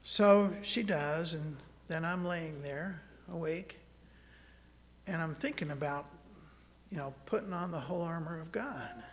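A man preaching a sermon, moving from scripture into a personal story, earnest and halting, often repeating words as he restarts. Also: a little high, fairly bright tone, big-room sound.

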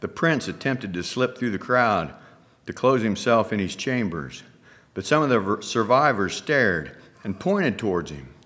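A male preacher tells an allegory as a sermon, his voice sitting low and dropping to a hush on the tense moments. He reads dramatically and leaves slow pauses between phrases. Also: big pitch swings. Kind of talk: sermon storytelling.

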